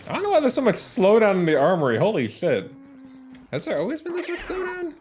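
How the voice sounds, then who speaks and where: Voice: medium pitch, wildly swooping pitch, quick pace, background noise. A let's player giving casual gameplay commentary, rambling, restarting and swearing as things happen on screen.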